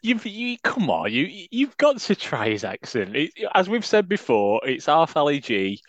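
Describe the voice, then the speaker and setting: A man's voice: a little high, wildly swooping pitch, moderate pace, no room sound, lo-fi sound. A man co-hosting a casual football podcast, wry and teasing. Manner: wry, teasing, drifts into jokey put-on voices. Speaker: podcast co-host.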